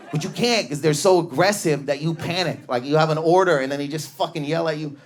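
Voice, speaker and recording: This comic's voice sits high, and he talks fast with hardly a break. Telling stories on a club stage, he swings abruptly between tones with a wild, furious energy while the live audience laughs.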